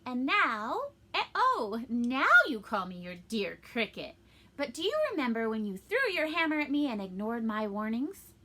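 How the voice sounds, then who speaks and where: A woman voicing a small, wise male cricket who speaks in a gently scolding, moralizing way. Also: high-pitched, sing-song, unhurried, exaggerated voice. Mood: reproachful.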